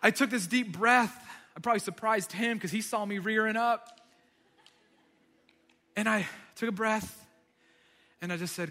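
A man preaching a sermon, telling stories in an animated way with quick joking asides. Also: sits high, big-room sound.

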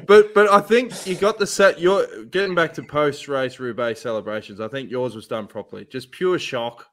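A man's voice: mid-range voice, moderate pace. A man with an Australian accent hosting a podcast, telling stories in a casual, swearing, laughing way. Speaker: podcast host. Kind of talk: casual chat.

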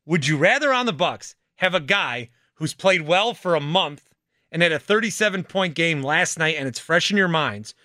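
Bright, higher-pitched male radio host. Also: animated, moderate pace, no room sound, studio quality. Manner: lays out hypotheticals step by step, emphatic. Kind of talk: sports radio talk, reading the call-in number.

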